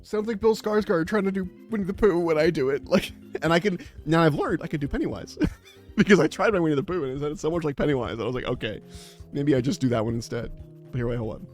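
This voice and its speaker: A man's voice: on the high side, quick pace, faint music behind. A man chatting casually on a live stream, rambling with many fillers.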